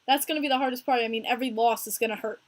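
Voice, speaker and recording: A young American woman hosting a casual hockey podcast stream, talking in an animated, chatty way and answering viewers by name. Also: fairly high pitch, racing. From United States. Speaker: podcast host streaming live with chat.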